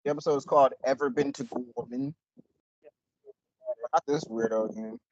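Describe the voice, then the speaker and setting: A young man co-hosting a casual reaction video, joking and rambling with loud laughs. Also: fairly high pitch, sing-song, moderate pace, vocal fry, muffled recording. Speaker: reaction channel co-host.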